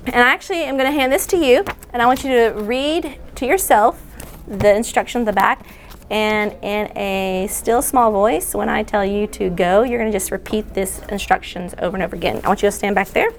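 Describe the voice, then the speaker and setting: A woman leading an interactive workshop session indoors, chatty and directing volunteers with quick asides. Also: medium pitch, slight background noise. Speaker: workshop speaker. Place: indoor room.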